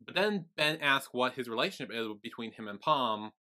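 Man podcast co-host, easygoing plot summary, bright tone, lively pitch. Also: a little fast. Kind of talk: casual recap chat.

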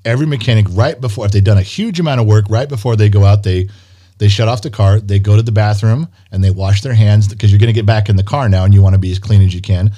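A man's voice: on the low side, fast, mellow. A man, a podcast co-host, chatting casually, rambling through stories and teasing his co-host. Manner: rambling storyteller, swears, teases. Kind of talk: casual chat.

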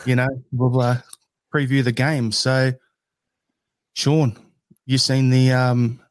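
A man's voice: medium pitch, smooth. A man from Australia hosting a football podcast, chatting casually with many fillers over an online call. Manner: relaxed, halting with fillers. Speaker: podcast host.

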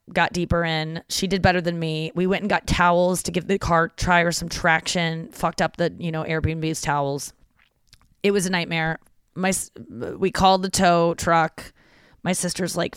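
A woman hosting a podcast, telling a story in a lively, rambling way full of "like" fillers. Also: lowish voice, clear, resonant tone, no room sound, studio quality. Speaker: podcast host. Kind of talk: casual comedic storytelling.

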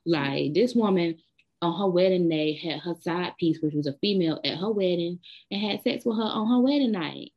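Blunt Southern woman, lower voice. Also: moderate pace, highs cut off. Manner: blunt, bold storytelling. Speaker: podcast co-host. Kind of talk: casual chat.

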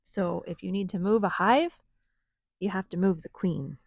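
A woman at home reading a storybook aloud to her children, pausing to ask them gentle questions. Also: lowish voice, gravelly, breathy edge, no echo.

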